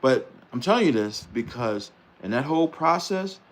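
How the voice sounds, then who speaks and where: A man's voice: medium pitch, expressive, normal speed. A middle-aged man hosting a casual live-stream chat, talking in a loose, rambling way and laughing easily. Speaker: host.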